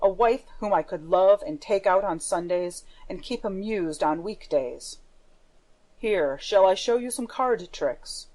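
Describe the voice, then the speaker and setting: A woman's voice: medium pitch, lively intonation, measured pace, a little mellow, close to an everyday voice, rough recording. A woman reading the part of a menacing masked male phantom, with a theatrical, darkly playful manner. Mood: brooding.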